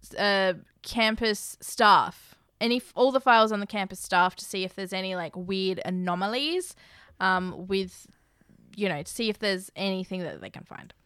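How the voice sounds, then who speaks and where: Bright clear-voiced woman recapping a film. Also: medium pitch, normal speed, dry recording. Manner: relaxed, narrates plot steps with fillers. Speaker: podcast co-host. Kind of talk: casual chat recapping a film.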